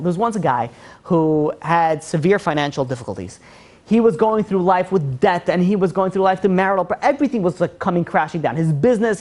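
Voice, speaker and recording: Expressive rabbi telling a parable. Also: male voice, a little high. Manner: expressive storyteller, swings from loud to soft. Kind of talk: Torah class on faith.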